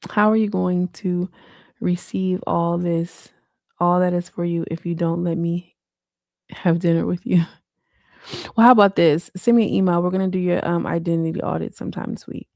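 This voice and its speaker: A woman's voice: fairly low pitch, steady tone, moderate pace, vocal fry, a little mellow, dry recording, clean studio sound. A woman hosting a casual late-night livestream, talking in slang and answering viewer comments. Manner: slangy, frequent "like" and "you know". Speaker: livestream host.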